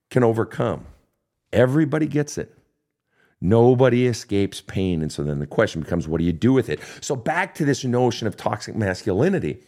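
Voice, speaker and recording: A man in his fifties coaching listeners in a recorded Q&A, blunt and heavily profane. His pitch roams widely, dropping to low, hushed stretches before leaping into high, impassioned bursts. The delivery is emphatic and preachy throughout. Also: big pitch swings, normal speed. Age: 50s. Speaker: life coach answering listener questions. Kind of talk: recorded online Q&A monologue.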